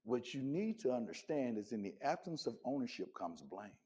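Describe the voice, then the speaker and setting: A man speaking the part of a stern but loving mother who talks to her teenage son in a calm, firm and unhurried way. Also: mid-range voice, slightly rough, voice pushed down. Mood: grave.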